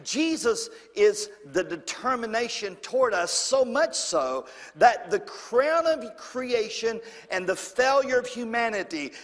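High-voiced preacher in a church. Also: male voice, big pitch swings, takes it slowly, hardly any pauses, in a large hall. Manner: swings from loud and high to hushed and low. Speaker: pastor. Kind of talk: sermon.

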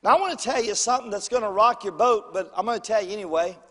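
An older pastor preaches with a high, bright voice. He calls out to the congregation for amens and swings between booming lines and hushed ones. The sermon rings with the long reverb of a church sanctuary. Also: fast. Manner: preacherly call-and-response, animated swings in pitch and volume.

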